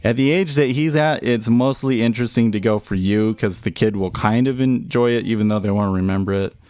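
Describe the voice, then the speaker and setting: A man's voice: on the low side, fairly quick, a little mellow, clear, resonant tone, dry recording. A man hosting a day-trading livestream, chatting casually in a rambling, offhand way and talking to his baby in between.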